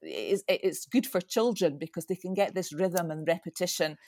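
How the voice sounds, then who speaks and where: A woman's voice: lowish voice, normal speed, a little mellow, no room sound, clean studio sound. A Scottish woman explaining things at length in a casual chat, a bit like a lecture.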